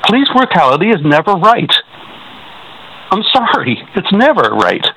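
Canadian guy calling a radio show, all fired up, stumbles and repeats himself, sharp bright voice. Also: high-pitched, wildly swooping pitch, moderate pace, slight background noise, rough recording. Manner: agitated, repetitive, stumbling restarts. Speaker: caller. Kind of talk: call-in radio talk.

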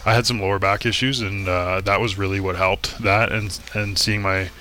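Low-ish guy with a bright edge, chatting loose, lots of ums, football player guest. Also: a little hiss or hum. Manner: relaxed, halting with fillers. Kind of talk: casual interview chat.

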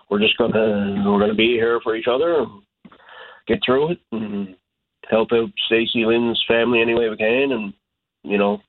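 A man, a hockey coach, speaking in a phone interview, hesitant and full of restarts. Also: medium pitch. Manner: halting, many restarts and fillers. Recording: tinny phone line.

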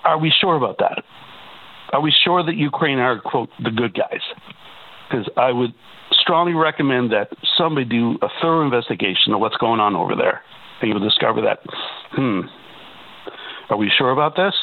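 A man's voice: mid-range voice, fairly quick. Insistent male caller on a phone line. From Canada. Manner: emphatic, repeats words, rising to insistence. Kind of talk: call-in radio talk. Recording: tinny phone line on radio.

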